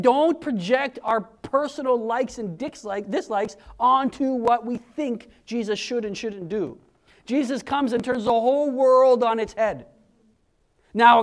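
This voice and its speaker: High-voiced man preaching animatedly. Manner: conversational, animated, acts out crowd voices. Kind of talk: sermon.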